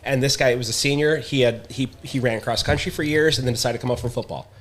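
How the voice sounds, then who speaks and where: A man's voice: mid-range voice, quick pace. A man co-hosting a casual podcast chat, telling sports stories and acting out the people in them. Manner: animated storyteller, acts out quotes. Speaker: podcast co-host.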